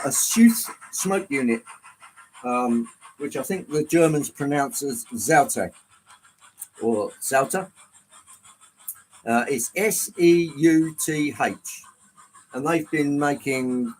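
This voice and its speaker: A man's voice: fairly high pitch, takes it slowly, darkish tone, a little hiss or hum, low-quality recording. A middle-aged man casually chatting with viewers as he runs and explains his model trains. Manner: chatty, exclamatory, reads chat aloud. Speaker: livestream host showing model trains. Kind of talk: casual live chat with viewers. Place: indoor hobby room with layout.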